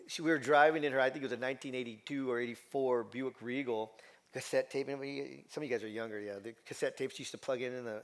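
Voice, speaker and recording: Fast-talking middle-aged male motivational speaker. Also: a little high. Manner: animated, repeats words and asks the audience questions. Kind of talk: storytelling talk to a live audience. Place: stage before an audience.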